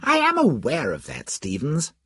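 A man voicing an eager, self-assured young gentleman in his twenties in a storybook reading. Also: fairly high pitch, huge pitch swings, normal speed, breathy edge, no room sound, studio quality, voice pushed up, full character voice.

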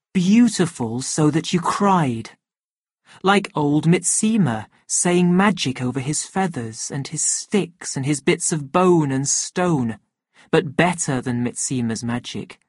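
Slow measured storyteller, husky voice, dry close sound. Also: medium pitch, no room sound. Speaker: narrator. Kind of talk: scripted narration of a graded reader.

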